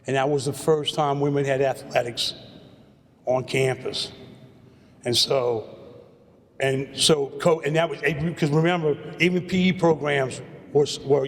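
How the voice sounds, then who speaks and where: A man's voice: medium pitch, fairly even intonation, a little slow. Rambling man in an echoing hall. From Louisiana, USA. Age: late 50s. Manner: rambling, repeats words, storyteller. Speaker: hall of fame inductee. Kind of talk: acceptance speech. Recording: long hall reverb.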